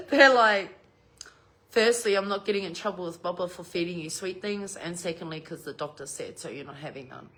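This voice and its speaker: A middle-aged Australian woman chats to her viewers from home, spinning a family story with plenty of swearing. Her voice is bright and sharp, and she keeps the tale rolling in an easy, casual way. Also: fairly low pitch. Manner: chatty, swears freely. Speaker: vlogger.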